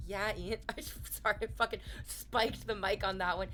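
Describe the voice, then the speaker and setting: A young woman streamer chatting openly with her viewers, swearing freely and laughing loudly. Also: fairly high pitch, expressive, moderate pace, few pauses. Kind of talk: casual chat with stream chat.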